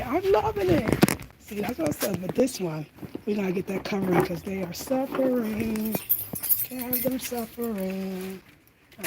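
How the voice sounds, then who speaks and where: A chatty woman talks to her viewers in a relaxed vlog. Her voice sits at an average pitch. Heavy background noise runs under everything she says. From United States. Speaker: vlogger. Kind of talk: casual vlog narration. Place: outdoors and in a car in the countryside.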